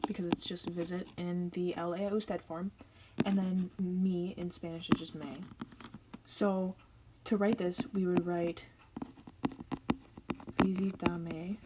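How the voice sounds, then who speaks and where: A woman's voice: lowish voice, heavy background noise. A young woman teaching Spanish grammar in a casual, chatty explainer style, walking through each step.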